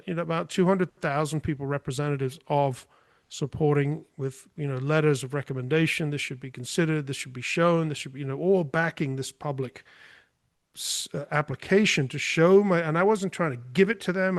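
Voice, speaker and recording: A man's voice: fairly high pitch, no echo. Emphatic man telling a story. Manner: forthright, emphatic. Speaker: podcast guest. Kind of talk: casual storytelling.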